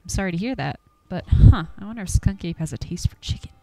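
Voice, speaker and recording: A woman's voice: on the low side, animated, fast talker, warm tone. A woman voicing an eager young woman who makes paranormal videos, earnest and coaxing.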